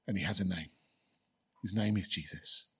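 A man's voice: sits low, normal speed, pushed and bright, slightly rough. Earnest male preacher. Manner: earnest, repetitive, rising to pleading questions. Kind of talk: sermon.

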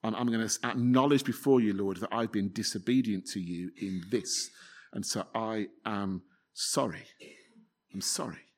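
A man's voice: mid-range voice, a bit bright. A man preaching a sermon, earnest, often repeating his phrases and asking the congregation rhetorical questions.

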